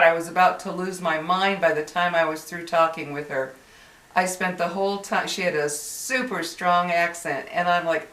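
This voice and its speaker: An older woman speaks straight to her viewers in a somewhat low voice, rambling and clearly exasperated. She often stops and restarts her sentences. The audio is roomy and echoey, as if the mic sits a few feet away. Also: fairly bright tone. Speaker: YouTuber. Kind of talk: venting vlog to viewers. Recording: roomy echo, distant mic.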